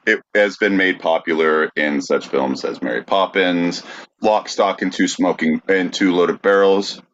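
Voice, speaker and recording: A man from the United States co-hosting a podcast, reading notes aloud with many halting fillers. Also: low voice, fairly bright tone, highs cut off. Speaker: podcast co-host.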